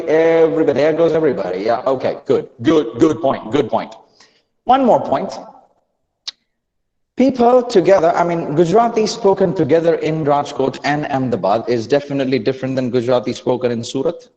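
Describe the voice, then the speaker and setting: A man leading a live online class, energetic and repeating phrases as he urges learners to answer quickly in the chat. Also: medium pitch, big-room sound, muffled recording. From India. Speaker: online English trainer.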